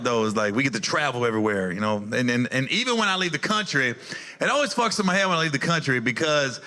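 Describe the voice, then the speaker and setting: Man, stand-up comic, high bright voice, casual, profane, club stage. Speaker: stand-up comedian. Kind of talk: stand-up storytelling.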